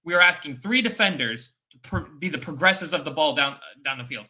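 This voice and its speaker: Bright, emphatic fan pundit. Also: male voice, a little high, animated, brisk. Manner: emphatic, opinionated, repeats points. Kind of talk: casual post-match chat.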